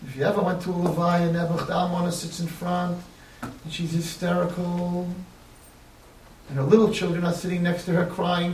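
A man's voice: sits high, completely flat delivery, moderate pace, slight background noise. A man preaching an impassioned sermon that builds into crying pleas. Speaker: rabbi. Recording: echoey, distant mic, faint ambience.

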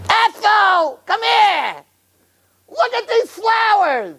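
A man's voice: very animated, extremely slow, exaggerated voice. A man voicing a brash old Jewish woman tourist who shrieks her complaints. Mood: outraged. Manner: shrill, shouting complaints.

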